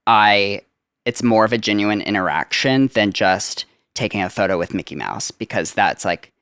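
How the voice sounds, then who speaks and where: Low, smooth-voiced young man chatting. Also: normal speed, a bit bright, no room sound, studio quality. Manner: chatty, lots of filler "like". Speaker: guest, Disney character performer. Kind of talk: casual podcast interview.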